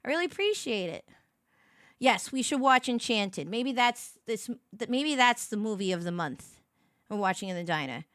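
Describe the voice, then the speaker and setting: A woman's voice: fairly high pitch, expressive, moderate pace, a bit bright, no echo, studio quality. A woman hosting a casual morning livestream, rambling and giggling as she chats with viewers and her dog. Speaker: livestream host.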